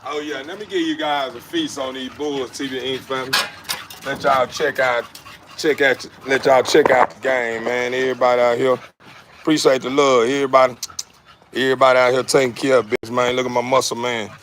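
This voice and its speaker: Against a noisy background of dogs playing, a man with a mid-range, fairly flat voice talks a little fast as he casually shows off his dogs in an outdoor yard. The vlog narration is laid-back, with repeated phrases and calls to the dogs.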